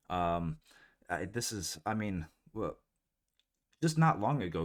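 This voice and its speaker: Blunt, scornful man with a deep voice. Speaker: political commentary channel host. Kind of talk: casual political commentary.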